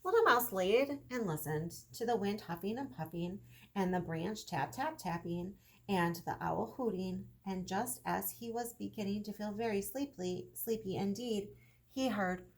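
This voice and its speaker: Husky woman reading a children's story. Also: medium pitch, measured pace. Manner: gentle, expressive, talks to children. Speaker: kindergarten teacher. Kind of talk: children's story read-aloud.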